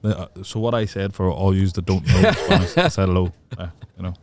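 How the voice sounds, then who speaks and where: Brief: young lad, lowish voice, animated storyteller, dry close sound. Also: male voice, brisk, dry recording. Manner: animated storyteller, swearing and laughing. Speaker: podcast co-host. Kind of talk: casual chat.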